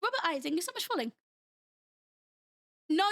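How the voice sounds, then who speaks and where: A woman's voice: high-pitched, big pitch swings, moderate pace, pushed and bright. A young British woman with a mixed British, American and Australian accent, chatting casually and giggling often as a livestreamer talking to viewers. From Britain. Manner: giggly and bubbly, laughs often. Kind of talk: casual chat with stream viewers.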